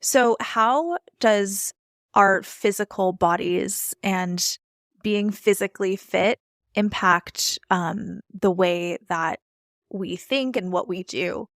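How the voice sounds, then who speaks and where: A woman's voice: mid-range voice, takes it slowly, a bit bright, dry recording, clean studio sound. A woman hosting a podcast, chatting casually and often restarting her questions mid-sentence. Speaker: podcast host. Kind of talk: casual interview chat.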